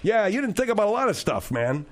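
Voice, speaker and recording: A man's voice: sits high, sing-song, fast. A man hosting a radio talk show, telling rambling, digressive stories with frequent restarts.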